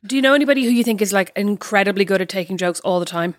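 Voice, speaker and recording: A woman's voice: medium pitch, racing, no room sound, studio quality. A woman co-hosting a podcast, bluntly bickering with her sister in casual chat. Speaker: podcast co-host.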